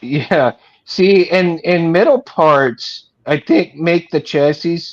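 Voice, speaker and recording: A man's voice: a little high, slow pace, lo-fi sound. A man who builds lightsabers, chatting casually and hesitantly on a livestream video call. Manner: hesitant, many fillers. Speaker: lightsaber maker.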